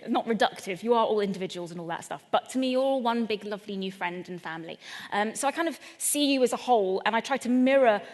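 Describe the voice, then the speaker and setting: Woman, from England, stand-up comedian, chatty, self-deprecating, talking to the audience, a bit high-pitched, long hall reverb. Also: expressive, fast. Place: event venue in front of a live audience.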